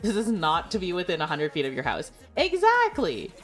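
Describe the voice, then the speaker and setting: Woman, streamer, casual chat, lively swooping pitch, giggly, light background music. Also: moderate pace. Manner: chatty and giggly, full of filler words.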